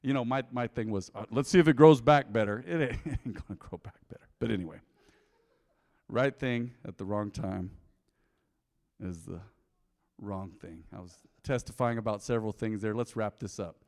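A middle-aged man preaching a sermon in a church, telling candid stories from his own life and building to a loud, fervent prayer. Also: on the low side, normal speed. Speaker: pastor. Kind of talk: sermon with personal testimony. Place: church sanctuary. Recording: long church hall reverb.

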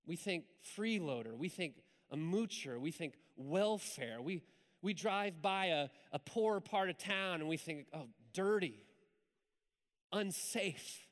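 A man preaching a sermon in church, telling a story in a lively, conversational way with asides to the congregation. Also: fairly high pitch, measured pace. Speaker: pastor. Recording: hall reverb.

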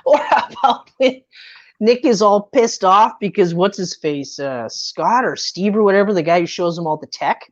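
Laughing, swearing woman in lively chat. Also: mid-range voice, moderate pace. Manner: laughs often, swears freely, acts out lines from scenes. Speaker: movie fan chatting with a friend. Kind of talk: casual chat. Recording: slightly dull lo-fi recording.

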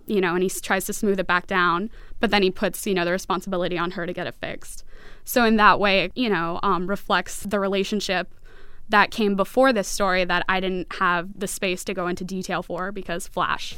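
Clear-voiced woman author. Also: fairly low pitch, fairly bright tone, no room sound. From New York. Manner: reflective, casual with fillers. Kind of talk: reading and discussing her fiction.

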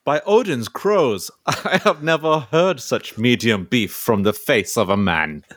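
A man's voice: mid-range voice, lively intonation, a little slow, a bit bright, no room sound, clean studio sound. A man voicing a proud Viking warrior who declaims in pompous, mock-heroic speech, improvised for comedy. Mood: haughty. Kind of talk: comedic improvised voice acting on a podcast.

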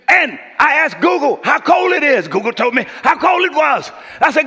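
A man preaching a sermon as pastor, working up to shouts and calling on the congregation to answer. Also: extremely high pitch, very animated, a little fast, few pauses, in a large hall. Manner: preaching with rising shouts and call-and-response. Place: church sanctuary.

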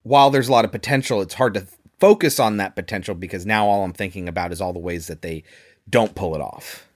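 A man co-hosting a casual film review podcast, measured and analytical, laughing easily as he picks apart a movie. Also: low-pitched. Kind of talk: casual critical chat.

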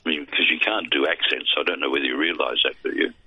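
A man's voice: a bass voice, fast talker, breathy edge, dry recording. An older Australian man with no teeth, rambling through self-deprecating stories as a guest on a phone line. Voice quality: gummy speech from having no teeth. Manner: rambling, self-deprecating storyteller with dry jokes. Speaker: guest, veteran broadcaster and voice artist. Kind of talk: casual anecdotal interview chat. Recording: tinny dry phone line.

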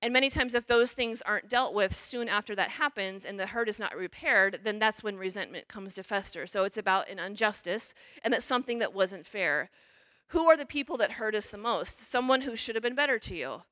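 Brief: chatty nun preaching a parish mission, bright voice, dry close sound. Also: female voice, medium pitch, fairly quick, dry recording. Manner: chatty, checks in with "okay?" and "you know". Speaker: religious sister giving parish mission talk. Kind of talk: conversational sermon.

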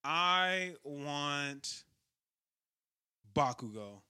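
Bright-voiced young man hosting a chat. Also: on the high side, animated, extremely slow, smooth, no echo, studio quality. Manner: easygoing, leads the segment, repeats for emphasis. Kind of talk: casual chat.

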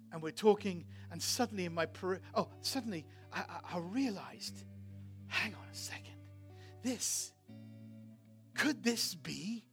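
A male preacher with a high voice tells a story from the pulpit. He swings from loud, excited bursts to hushed, quiet moments. Soft music plays behind him. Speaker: pastor. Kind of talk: sermon storytelling. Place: church.

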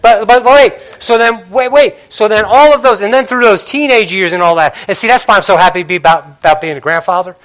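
High, bright-voiced older man preaching. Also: fast, hardly any pauses, rough recording. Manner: impassioned preaching, swinging from loud exhortation to hushed confiding. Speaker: pastor. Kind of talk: sermon. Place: church before a live congregation.

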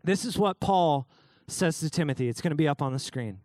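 A man's voice: on the high side, animated, brisk, a little mellow, dry recording, studio quality. A young adult man preaching a casual, joking youth sermon, calling out listeners by name. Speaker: youth pastor.

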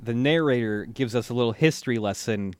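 A man's voice: medium pitch, brisk, clear, resonant tone, dry recording, clean studio sound. A man co-hosting a podcast, recapping an anime episode in casual, rambling chat, laughing and swearing freely. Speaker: podcast co-host.

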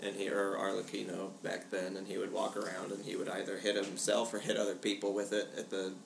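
A man contestant in a casual quiz, calmly explaining theater history in detail. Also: deep voice, a little fast, gravelly, echoey room, a little hiss or hum. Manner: knowledgeable, explanatory. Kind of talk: casual chat.

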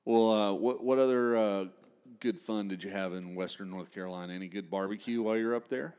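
A man's voice: fairly low pitch, fairly even intonation, a little fast, darkish tone, clear, resonant tone. A man hosting a casual chat, easygoing and asking follow-up questions.

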